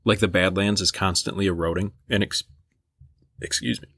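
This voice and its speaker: A man's voice: low-pitched, steady tone, moderate pace, fairly bright tone, husky, no room sound, studio quality. A young man from Michigan co-hosting a podcast, telling rambling stories with enthusiasm in casual chat. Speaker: podcast co-host. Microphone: podcast microphone.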